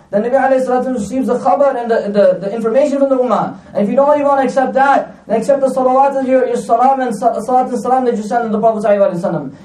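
A man preaches in a very high, mellow voice, telling stories at a quick clip and repeating phrases for emphasis. He sounds well back from the microphone, and the room's echo surrounds his words. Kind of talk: sermon with lively storytelling. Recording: echoey room, distant mic.

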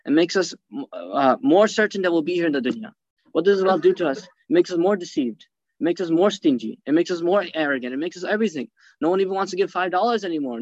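A man teaching a hadith class, animated, asking his listeners rhetorical questions and mixing Arabic phrases into his English. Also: sits high, no room sound, dull audio. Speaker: religious teacher.

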